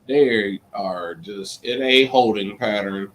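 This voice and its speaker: A man's voice: fairly low pitch, slow, background noise. A man co-hosting a podcast, chatting in a laid-back way. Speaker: podcast co-host. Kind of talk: casual chat.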